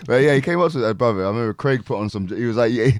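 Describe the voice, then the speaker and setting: A man's voice: mid-range voice, animated, racing, a little mellow, no echo, clean studio sound. A man rambling through anecdotes on a casual podcast. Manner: rambling anecdotes, laughs often. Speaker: podcast co-host. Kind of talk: casual chat.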